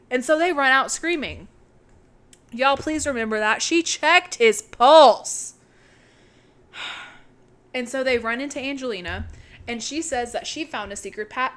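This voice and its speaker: A young woman co-hosting a podcast, excitedly retelling a movie's plot in casual chat and swearing freely. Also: fairly high pitch. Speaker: podcast co-host.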